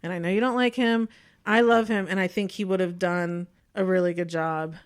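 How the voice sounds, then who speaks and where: A woman co-hosting a podcast in casual chat, animated and opinionated, often laughing as she talks. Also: fairly low pitch, moderate pace. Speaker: podcast co-host.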